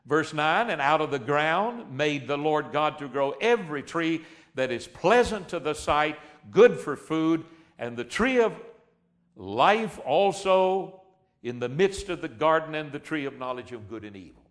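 An older man preaching a sermon in a folksy way, reading scripture and swinging between loud emphasis and hushed asides. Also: a little high, expressive, unhurried. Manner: folksy, addresses the congregation as a class.

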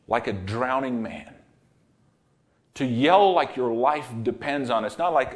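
A male preacher delivering a sermon in a mid-range voice. He tells the story vividly, rising to loud emphasis and dropping to hushed asides. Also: mid-range voice, expressive, moderate pace. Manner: storytelling, dynamic, swings between loud and hushed. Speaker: pastor.

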